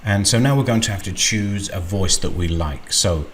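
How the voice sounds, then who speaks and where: A man hosting a screen-recorded software walkthrough, unhurried and thinking aloud with frequent ums. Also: lowish voice, a little hiss or hum. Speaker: tutorial host.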